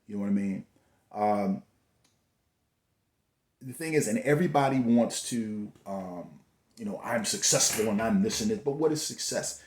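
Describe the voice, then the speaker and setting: A man's voice: lowish voice, a little mellow, slight background noise. A man giving a motivational talk, preachy and repetitive, full of rhetorical questions. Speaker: host. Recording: echoey room.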